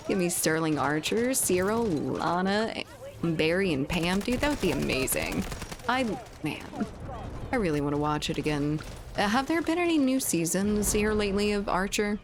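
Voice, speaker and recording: A woman's voice: medium pitch, lively intonation, normal speed, noisy background. Chatty woman streaming a shooter. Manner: chatty, laughs often, swears casually. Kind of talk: casual live-stream chat while gaming.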